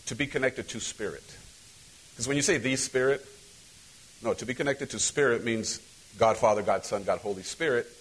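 A man's voice: mid-range voice, fairly bright tone, poor audio. A middle-aged man from Mexico who is a pastor, giving a loose, conversational sermon with repeated words, restarts and emphatic rhetorical questions.

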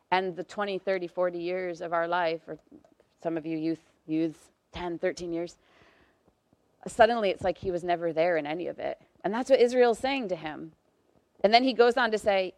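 Lively woman preaching in a dry room. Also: a little fast, no room sound. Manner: lively, voices quoted figures with rising pitch and volume. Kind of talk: sermon.

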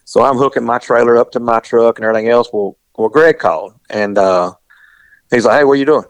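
A man's voice: medium pitch, fairly quick, no room sound, low-quality recording. Man telling a rambling road-trip story. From US South. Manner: rambling, animated, acts out quoted voices. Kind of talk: casual storytelling.

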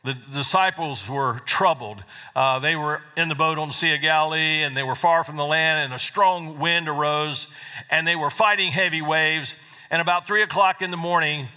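A man's voice: fairly high pitch, moderate pace, bright, forceful tone. A man preaching a sermon as pastor, talking conversationally and often repeating words as he goes. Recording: long reverb of a large hall.

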